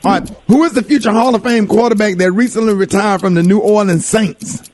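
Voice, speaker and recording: A man hosting a radio morning show, talking in animated, repetitive bursts. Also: sits high, a little fast. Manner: animated, repeats words when excited. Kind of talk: excited radio show banter.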